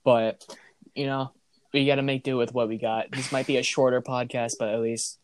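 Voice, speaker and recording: A man's voice: medium pitch, flat delivery, normal speed, slight background noise. A man hosting a casual podcast, talking in an easygoing way and steering the chat back on topic. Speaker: podcast host.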